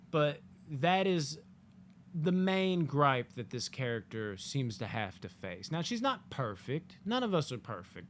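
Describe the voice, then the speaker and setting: A man from the United States giving a casual spoken movie review, animated and profane, acting out quotes in jokey asides. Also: on the high side, slight background noise.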